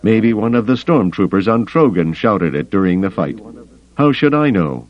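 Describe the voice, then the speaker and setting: A man's voice: lowish voice, very animated, normal speed, muffled recording, pitched above the performer's own voice. A man voicing a cornered male traitor, blustering and menacing, in a raised, tense voice. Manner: tense, snarling.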